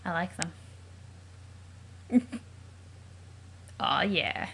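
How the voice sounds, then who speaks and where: A woman's voice: mid-range voice, expressive, normal speed, a bit bright, a little hiss or hum. Chatty woman reading aloud with jokes. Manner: chatty, joking asides, wondering aloud. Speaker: let's play host. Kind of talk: casual read-aloud with commentary.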